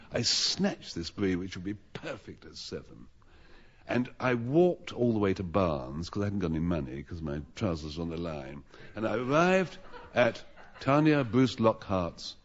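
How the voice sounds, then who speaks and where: Man, low voice with lively swings, rambling comic storyteller, dull old radio sound. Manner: rambling, self-mocking storyteller with stammered restarts. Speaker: panelist telling a comic story. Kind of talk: comic anecdote on a radio panel show. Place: radio studio with audience.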